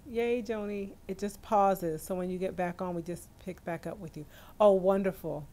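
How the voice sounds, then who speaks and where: A woman's voice: fairly low pitch, steady tone, normal speed, mellow. A woman in her forties from New York hosts a casual livestream from her phone at home, chatting, laughing often and greeting viewers by name. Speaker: livestream host.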